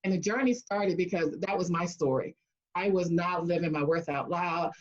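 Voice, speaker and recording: A woman speech-language pathologist and coach, with a fairly low voice at normal speed, answers interview questions in dull-sounding audio. She tells a personal story as an animated storyteller, acting out quotes and laughing often.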